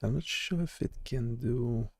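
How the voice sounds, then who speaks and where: A man hosting a live coding stream, chatting casually and haltingly with lots of fillers and restarts. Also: mid-range voice, a little mellow, husky, no echo, clean studio sound. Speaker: live-stream host and developer.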